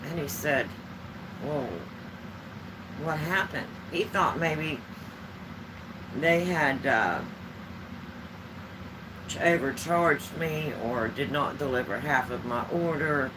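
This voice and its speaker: A woman's voice: low-pitched, slow, pauses often, background noise. A woman vlogger chatting at home, telling homespun stories in a rambling, easygoing way. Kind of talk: casual storytelling chat.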